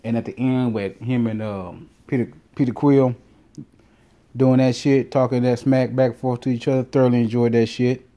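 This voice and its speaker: A man's voice: medium pitch, fairly even intonation, moderate pace, dark tone. A man telling a casual, rambling story full of swearing and self-corrections. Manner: rambling, profane, self-interrupting. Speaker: vlogger.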